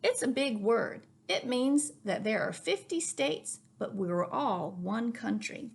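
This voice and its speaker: A woman's voice: on the high side, expressive, slow pace, vocal fry, slightly rough, exaggerated voice. A woman reading as a patient schoolteacher. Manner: patient, explaining. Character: kindly female schoolteacher explaining patiently. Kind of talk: storybook reading.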